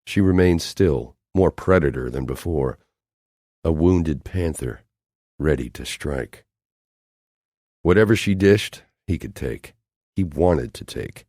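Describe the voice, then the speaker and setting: Very deep-voiced male audiobook narrator. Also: mellow, dry recording, studio quality. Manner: measured, dramatic narration with dropping phrase ends. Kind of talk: scripted narration.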